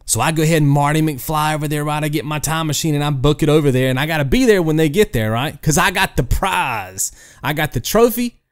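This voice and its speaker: Speaking a little fast in a clear, resonant, slightly high voice, this man runs a gaming channel and rants to camera in a relaxed style. His hypothetical storytelling is lively and rhetorical, punctuated again and again by "right?"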